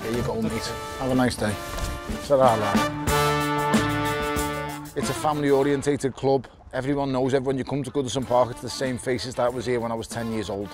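A man with a thick Liverpool accent talks in a casual documentary chat. He is blunt and passionate, with a joking edge, and his voice sits at an ordinary middle pitch. Music plays clearly behind him. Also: steady tone, brisk, long pauses. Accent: Liverpool (Scouse). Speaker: football fan on a stadium tour.

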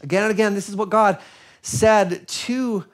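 A man giving a sermon, telling a personal story in an earnest, reflective way with soft pauses. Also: sits high. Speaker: preacher.

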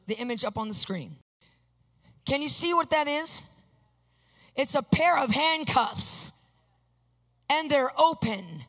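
A woman preaching a sermon, telling a personal story and acting out her own reactions with animated energy. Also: high-pitched. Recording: long hall reverb.

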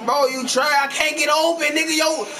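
A young man hosting a gaming channel, loudly and profanely ranting at a teammate during gameplay commentary. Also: extremely high pitch, steady tone, fairly quick, crowd noise. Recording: noisy home gameplay capture.

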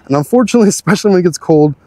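A man's voice: high-pitched, lively intonation, racing, darkish tone, dry recording. A young man hosting a car channel, giving an easygoing, chatty walkthrough of his car's features.

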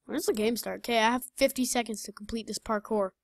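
Young woman gaming and blurting stuff out, kinda high voice, dead dry sound. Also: fast, gravelly, no room sound. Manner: excitable, blurting and laughing. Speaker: gamer. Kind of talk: casual gaming chat.

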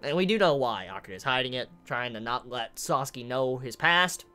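Dude breaking down a manga chapter, gets super emotional n swears, faint music behind, mid voice. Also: male voice, medium pitch, animated, moderate pace, bright, forceful tone, clear, resonant tone. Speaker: manga reviewer. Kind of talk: casual manga chapter review.

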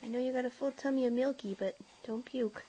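A woman's voice: a little high, fairly quick, dark tone, slightly rough. A young mother at home, cooing teasing sing-song baby talk to her infant while filming on a handheld camera. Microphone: handheld camera mic.

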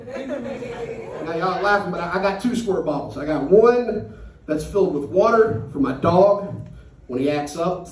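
A man's voice: high voice, normal speed, echoey room, far from the mic, background noise. A man doing a crude stand-up set in a comedy club, acting out an argument with his dog. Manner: crude, acts out voices of his dog and friends. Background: audience laughing.

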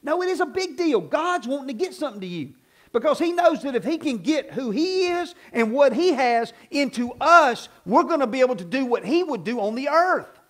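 A man preaching a sermon as pastor, with a folksy, conversational delivery that builds to loud emphatic passages. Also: very high-pitched, big pitch swings, normal speed. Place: church sanctuary.

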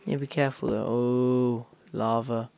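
A man's voice: mid-range voice, steady tone, measured pace, vocal fry, a little mellow. A man hosting a gaming channel, casually commenting on his gameplay in a rambling way and talking straight to his viewers. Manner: rambling, talks to viewers while playing.

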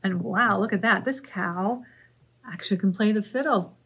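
A woman librarian leading a children's story time, singing rhymes, reading a picture book aloud and making animal sounds in a slow, encouraging sing-song. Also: medium pitch, a bit bright, husky.

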